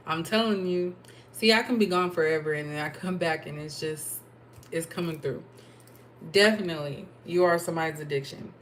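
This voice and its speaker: Woman tarot reader, lowish voice, casual and rambling, faint background noise. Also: normal speed. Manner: chatty, thinking aloud with fillers and asides. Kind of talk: casual tarot reading to camera.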